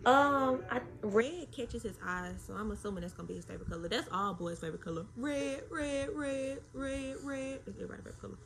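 A woman's voice: mid-range voice, rapid-fire, vocal fry, few pauses, fairly bright tone, poor audio. A young mother chatting on a phone livestream, talking to her baby in a playful sing-song and repeating words.

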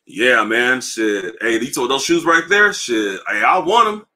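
A man voicing an unbothered, wealthy sneaker collector who talks in a relaxed, shrugging drawl. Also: mid-range voice, a little slow, pitched below the performer's own voice.

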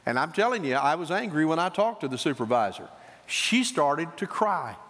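A middle-aged man preaching a sermon as a pastor, telling stories with lively, acted-out quotes. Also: on the high side, normal speed. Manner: animated storytelling preacher, acts out quoted voices. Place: church sanctuary. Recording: church hall reverb.

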